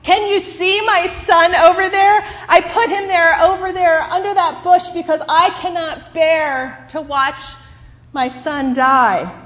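A woman's voice: a little high, a bit bright, in a large hall, close to an everyday voice. A woman voicing a desperate grieving mother. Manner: anguished, pleading.

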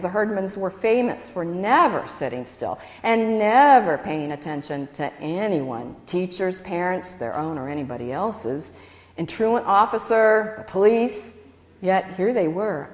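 Woman reader, expressive church storytelling, lively pitch, echoey hall. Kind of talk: reading a story aloud in church.

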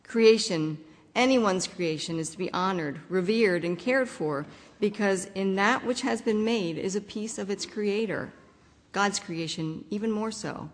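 A woman's voice: medium pitch, a little slow, big-room sound. Reflective woman preaching. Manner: reflective, rhetorical questions. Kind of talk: sermon.

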